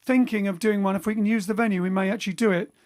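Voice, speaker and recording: A man's voice: sits high, fairly even intonation, rapid-fire, darkish tone. A man hosting a lockdown livestream for his band, chatting casually and reading out viewer comments, rambling with lots of fillers and restarts. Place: home during lockdown.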